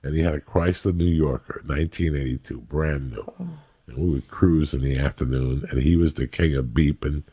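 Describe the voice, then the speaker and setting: This podcast guest is a comedian, a Cuban-American man in his fifties, spinning swearing, brash comic tales and playing the people in them. He speaks at a moderate pace in a very deep, dark voice with a slight roughness.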